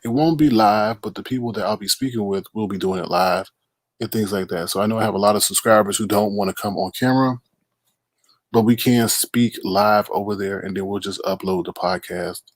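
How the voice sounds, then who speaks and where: A man with a fairly low voice hosts a late-night live stream, loose and easygoing, teasing viewers as he greets them one by one. His voice sits close and dry on the mic, with no room sound behind it. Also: no echo. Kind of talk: casual live-stream chat.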